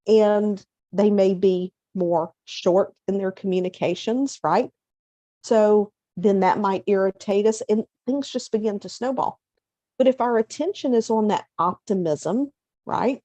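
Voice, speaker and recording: Woman host, middle-aged, warm mellow tone, dry close mic; chatty motivational coach who voices inner self-talk. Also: medium pitch, dry recording, lo-fi sound. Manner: conversational, acts out inner self-talk in quotes; slows down to stress key points. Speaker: hypnotherapist and coach, show host.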